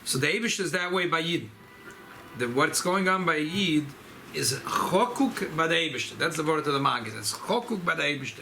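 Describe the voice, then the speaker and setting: A rabbi, speaking informally at a farbrengen gathering, often repeating and restarting phrases. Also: male voice, a little high, animated, normal speed, gravelly, sharp tone, a little hiss or hum, low-quality recording. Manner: repetitive, restarts phrases, mixes Yiddish and Hebrew terms. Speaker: rabbi giving a farbrengen talk. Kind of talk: informal Chassidic talk at a gathering.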